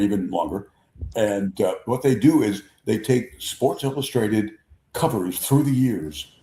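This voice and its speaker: Older guy in his 70s spinning a long sports story, kinda low voice, repeats himself a lot, roomy echo. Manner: rambling, repeats himself, animated impressions in stories. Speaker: sports talk show host. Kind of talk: conversational storytelling. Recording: echoey room.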